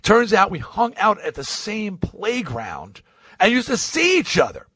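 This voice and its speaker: A man from Long Island spins a rambling podcast anecdote in a fairly high voice that leaps up and down. He acts out every person in the story as he goes. The sound is close and dry, with no room behind it. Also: huge pitch swings, a little slow, breathy edge, no room sound. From Long Island, New York. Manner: acts out quoted voices with swings in pitch and loudness; rambling, with many restarts and asides. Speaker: podcast host.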